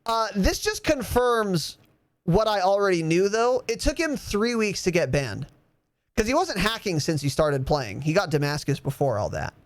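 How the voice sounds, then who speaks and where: A young man in his twenties hosting a podcast, telling a story in a loose, animated way, swearing and laughing as he goes. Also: high voice, normal speed, dry recording, studio quality. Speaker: podcast host. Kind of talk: casual storytelling.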